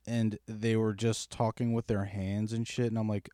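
A young man chatting casually on a podcast, telling stories with lots of swearing and getting animated. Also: lowish voice, normal speed, no echo, studio quality. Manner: profane, animated storyteller. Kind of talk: casual chat.

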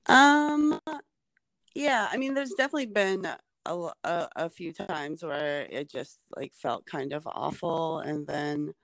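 A woman's voice: fairly low pitch, slow, fairly bright tone, dry recording. A woman comedian talking in a casual podcast chat, rambling with many fillers like "like" and "um". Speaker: stand-up comedian, guest.

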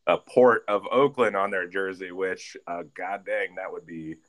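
A man with a very low voice chats casually on a sports podcast. He rambles, corrects himself midstream and throws in jokes. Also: measured pace, fairly bright tone. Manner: rambling, self-correcting, jokey. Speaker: podcast co-host.

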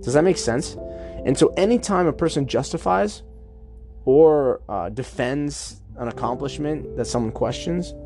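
A man's voice: on the high side, animated, measured pace, mellow, soft background music. Chatty man musing in a monologue. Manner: chatty, acts out imagined dialogue. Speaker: podcast host. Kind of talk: casual self-help monologue.

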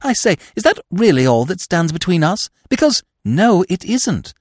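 A man voicing a dim-witted, lovesick young gentleman who blurts out his words plaintively, in an audiobook reading. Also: high voice, huge pitch swings, normal speed, pitched above the performer's own voice, exaggerated voice. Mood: jubilant.

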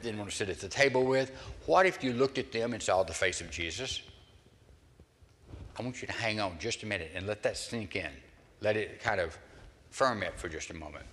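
An older man from the American South preaching a sermon, telling stories with animated acted-out voices. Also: mid-range voice, big-room sound. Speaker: pastor.

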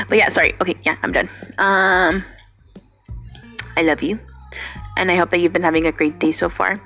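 A woman's voice: lowish voice, steady tone, moderate pace, long pauses, bright, forceful tone, soft background music. A young woman recording a personal video message to her partner, rambling and swearing freely, with Spanish words mixed in. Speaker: vlogger addressing her partner.

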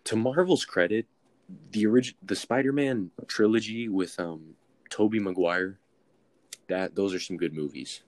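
A man co-hosting a casual chat, playful and enthusiastic, quick to laugh. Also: fairly low pitch, dry recording.

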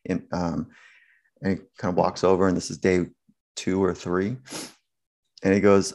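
A man speaking as a sports psychologist guest, telling anecdotes in an animated way, acting out the voices he quotes and laughing often. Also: low voice, moderate pace, long pauses. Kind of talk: anecdotal storytelling in conversation.

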